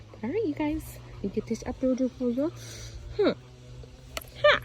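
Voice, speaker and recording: A woman training her dog in an outdoor yard talks casually at normal speed, with big swings in pitch. She moves between chatty explanations and sharp, high-pitched commands.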